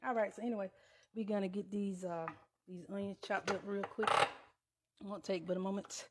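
A woman's voice: medium pitch, steady tone, moderate pace. A woman chatting to viewers while cooking in her home kitchen, on a lapel mic. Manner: chatty, addresses viewers as y'all, Southern US Black vernacular. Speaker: home cook livestreaming. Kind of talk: casual cooking livestream. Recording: loud background noise, kitchen clatter.

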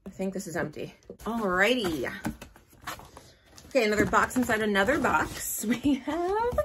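A woman hosting a casual unboxing vlog, gushing and excitable, with gasps and squeals. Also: medium pitch, moderate pace, background noise. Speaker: vlogger host.

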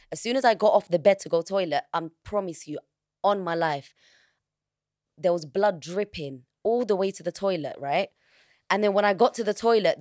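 A woman's voice: on the low side, dry recording, studio quality. A woman, a podcast guest telling a personal story candidly in frank, slangy words. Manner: frank, slangy, vivid retelling.

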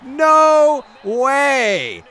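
A young man giving let's play commentary on a football video game, excitable, yelling at plays and then grumbling about them. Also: extremely high pitch, extremely slow. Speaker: gaming YouTuber.

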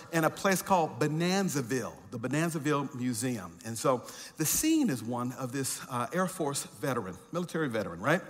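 A man's voice: medium pitch, fairly bright tone, slightly rough. Male pastor preaching in a reverberant church. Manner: conversational, humorous storytelling with fillers. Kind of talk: sermon. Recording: church hall with long reverb.

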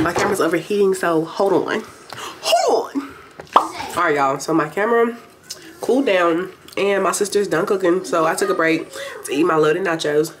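A young woman, chatting casually to her viewers in a home vlog. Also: lowish voice. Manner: chatty, talks straight to viewers as "y'all". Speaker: beauty vlogger. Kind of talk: casual vlog chat to camera. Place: at home, indoors. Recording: roomy home recording with faint noise.

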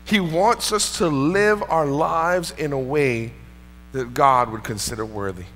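Fairly high-voiced man preaching in a hall. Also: measured pace, fairly bright tone. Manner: conversational, storytelling, earnest. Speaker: pastor. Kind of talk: sermon with personal anecdote. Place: church sanctuary. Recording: long reverb in a church hall.

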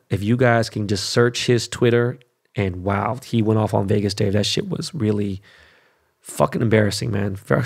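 A middle-aged man from Los Angeles hosting a podcast, talking bluntly in a casual, profane monologue with animated rants. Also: lowish voice, vocal fry. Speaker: podcast host.

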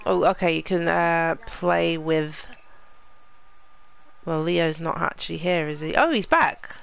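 A woman's voice: low-pitched, slow, creaky, clear, resonant tone. A woman hosting a let's play, chatting casually to the characters in her game as she plays. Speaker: gaming channel host.

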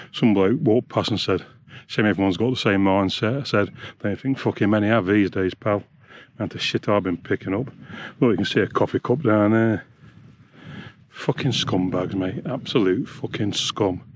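A man's voice: lowish voice, a little mellow, a little hiss or hum. A man, ranting angrily and swearing while vlogging on a hiking trail. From England. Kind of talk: angry outdoor vlog.

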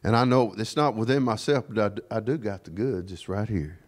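A man preaching a sermon in a church, sprinkling his talk with amen and praise God, swinging from quiet asides to raised, ringing declarations. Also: fairly low pitch, brisk. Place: church sanctuary.

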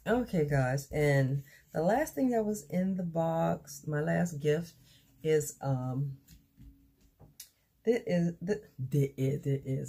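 A woman chatting excitedly in a casual unboxing vlog, recorded on a phone camera, halting with fillers. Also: low-pitched, slightly rough. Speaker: beauty vlogger.

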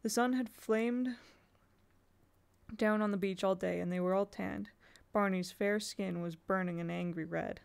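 Woman reading a novel aloud, gravelly. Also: mid-range voice, steady tone, unhurried. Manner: casual, stops to correct herself. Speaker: audiobook reader.

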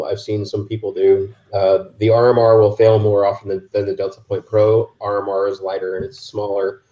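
A man's voice: fairly low pitch, dark tone, roomy sound, muffled recording. A man talking casually on a podcast, explaining gear with lots of fillers and restarts. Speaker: podcast host. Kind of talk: casual chat.

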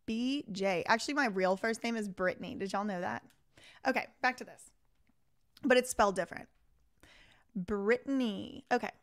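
Hosting a live reaction stream, a woman reads an article out loud and reacts with animated exasperation, talking right to her audience. Her voice is mid-range, her pace moderate, with long pauses.

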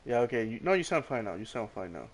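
A man chatting casually with a friend while streaming a game, excitable and crude, repeating words in quick bursts. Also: mid-range voice, a little hiss or hum. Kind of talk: casual gaming chat with a friend.

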